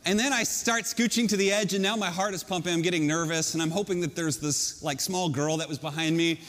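High-voiced male storyteller, animated and self-mocking, talking to a crowd, long hall reverb. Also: fairly quick. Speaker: speaker telling a personal story. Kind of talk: storytelling talk to an audience.

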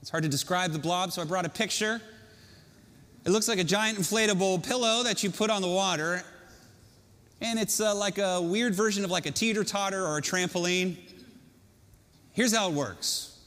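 High-voiced male storyteller, animated and self-mocking, talking to a crowd, long hall reverb. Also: moderate pace, long pauses. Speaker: speaker telling a personal story. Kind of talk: storytelling talk to an audience.

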